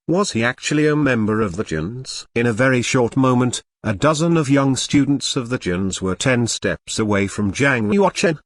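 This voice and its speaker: A man's voice: medium pitch, dry recording, clean studio sound. A man narrating a fantasy novel chapter as an audiobook, reading expressively.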